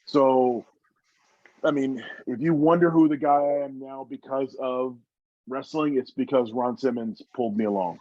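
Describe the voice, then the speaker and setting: A man's voice: mid-range voice, steady tone, moderate pace, a little mellow, no echo, dull audio. A man, a former wrestler, telling stories from his career in an interview, earnest and emotional with many restarts. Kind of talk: reflective interview storytelling.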